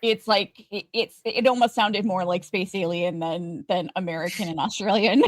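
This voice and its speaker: A woman's voice: mid-range voice, normal speed. A woman co-hosting a casual TV review podcast, talking emphatically with frequent restarts. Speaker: podcast co-host. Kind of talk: casual chat reviewing a TV show.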